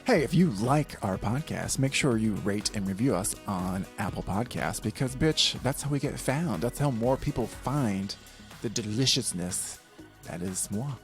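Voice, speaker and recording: A man's voice: lowish voice, expressive, normal speed, soft background music. A man co-hosting a podcast, chatting casually in an effusive, playfully profane way. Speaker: podcast co-host. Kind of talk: casual chat.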